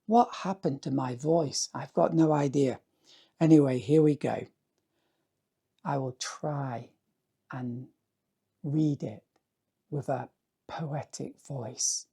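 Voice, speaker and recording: A man, an artist, talking casually to the camera in a rambling, musing way with a hoarse voice that is going dry. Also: medium pitch, slow pace, long pauses, dark tone. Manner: rambling, musing, often asks "yeah?".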